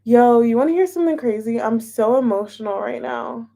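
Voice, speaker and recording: A woman's voice: on the high side, fairly quick, gravelly, dark tone. A woman giving a casual, playful tarot reading, chatting openly and emotionally as she shuffles and pulls cards. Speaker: tarot reader.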